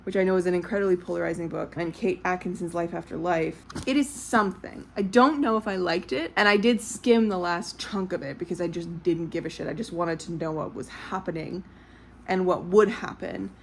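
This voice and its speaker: A woman's voice: lowish voice, steady tone, fairly quick, vocal fry, a little hiss or hum. A young woman chatting casually about books for her vlog, candid and blunt, swearing freely and laughing often. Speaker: book vlogger. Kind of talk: casual chat.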